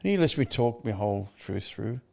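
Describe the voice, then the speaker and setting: An older man with an Australian accent, a podcast guest telling his story candidly, blunt and quick to swear. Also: on the low side, gravelly. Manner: blunt, swears freely, animated retelling.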